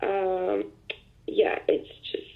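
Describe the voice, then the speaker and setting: A woman calls in to a radio show over a tinny phone line. She speaks hesitantly in halting pieces, at a middle pitch. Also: completely flat delivery, gravelly. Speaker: caller.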